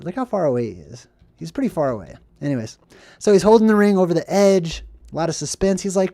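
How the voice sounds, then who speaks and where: A livestream host retelling a film to live chat in a casual, upbeat way, often asking 'right?' and slipping into quick acted quotes. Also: medium pitch, big pitch swings, mellow, no room sound, studio quality.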